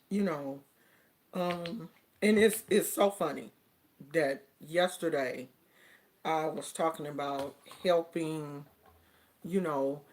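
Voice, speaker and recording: A woman vlogger chats casually to camera and tells her stories in an animated, drawn-out way. She speaks at an unhurried pace in a fairly low voice.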